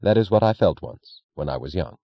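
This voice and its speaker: A man voicing a composed young male aristocrat who speaks with calm, quiet composure, in an audiobook reading. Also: low-pitched, brisk, creaky, no room sound, full character voice. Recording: dry, dull lo-fi recording.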